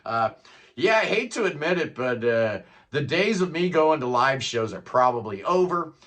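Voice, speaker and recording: A middle-aged man holds forth alone to his viewers in a loose, chatty ramble. His voice sits a little high for a man and rings bright, and he keeps dropping "man" at the ends of his sentences. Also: big pitch swings, moderate pace. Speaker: music vlogger. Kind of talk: casual solo monologue.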